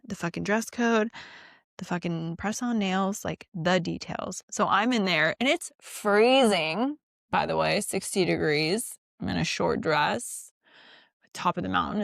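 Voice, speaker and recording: A woman podcast host telling a personal story in a casual, animated and profane way, acting out the quotes, on a close mic. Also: fairly low pitch, gravelly, no room sound.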